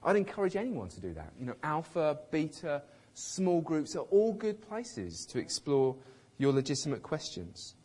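A man preaching a sermon in a conversational, emphatic way, with a slightly husky voice, acting out quotes with light humour. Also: a little high, sing-song, moderate pace, hardly any pauses, darkish tone.

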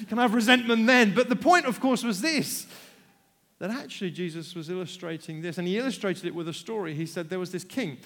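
A man preaching a storytelling sermon in an animated, conversational way, with self-deprecating asides. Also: high-pitched, fairly quick. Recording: long hall reverb.

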